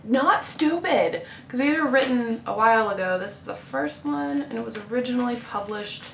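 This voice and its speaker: A woman in her twenties giving an animated, exasperated rant about books in a casual vlog, recorded on a camera mic at home. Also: fairly high pitch, a little fast, creaky. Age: 20s. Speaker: book vlogger. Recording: echoey room, faint noise.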